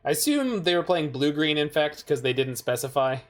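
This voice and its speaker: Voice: mid-range voice, very animated, fairly quick. A streamer giving casual gameplay commentary while playing a card game, making dry, joking asides to chat.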